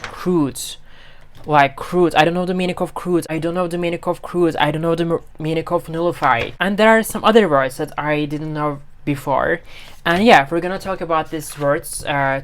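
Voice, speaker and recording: A woman's voice: low voice, fairly quick. A woman talking casually in a vlog as an English learner, leaning on fillers and restarts and repeating lines aloud to practice.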